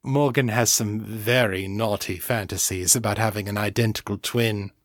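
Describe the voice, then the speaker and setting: A man's voice: fairly low pitch, fairly even intonation, normal speed, dry recording, clean studio sound, lightly acted. A man voicing a teasing, shapeshifted woman who speaks in a posh upper-class drawl.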